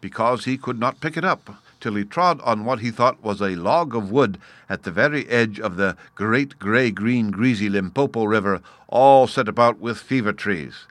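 A man reading a storybook aloud in a measured, expressive way, addressing the listener directly. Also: fairly low pitch, no room sound.

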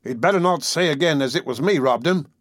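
A man's voice: on the high side, dry recording, studio quality, natural voice. A man reading aloud voices a touchy village drinker who mutters and bristles at being accused. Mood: defensive. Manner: muttering, quick to anger.

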